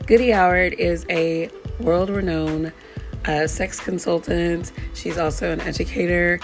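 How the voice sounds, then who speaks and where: A hoarse woman hosts her podcast in a low, gravelly voice. She chats frankly and easily with her guest, laughing often. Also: steady tone, measured pace, faint music behind. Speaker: podcast host. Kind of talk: casual chat.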